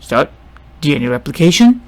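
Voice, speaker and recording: A man teaches biology in an informal classroom lecture, his slightly high, somewhat mellow voice swinging widely in pitch. He's halting, often restarting sentences, asking himself rhetorical questions and checking in with "see?" and "right?".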